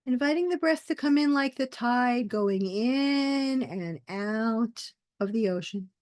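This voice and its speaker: Slow, soft-spoken woman guiding meditation. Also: fairly high pitch, lively intonation, dry recording, clean studio sound. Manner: slow, soft, soothing guidance with pauses. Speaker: meditation teacher. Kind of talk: guided meditation class.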